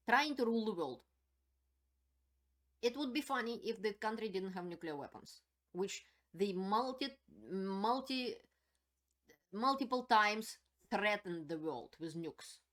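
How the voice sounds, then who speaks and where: A woman hosting her own channel, giving spoken political commentary in an indignant, emphatic way and repeating her points. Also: mid-range voice.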